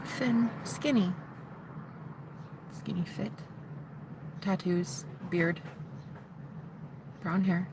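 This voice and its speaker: A woman's voice: on the low side, drawn-out words, long pauses. Teary, rambling young woman vlogging. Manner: rambling and chatty, drops into whispers. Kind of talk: casual confessional vlog. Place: in a parked car. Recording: noisy with traffic behind.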